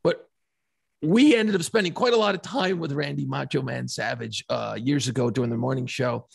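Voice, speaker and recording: A middle-aged man co-hosting a podcast, telling stories in an animated way with swearing and bursts of laughter. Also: mid-range voice, moderate pace, gravelly, slightly rough, dry recording, studio quality. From New Orleans area. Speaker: podcast co-host. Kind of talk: casual chat.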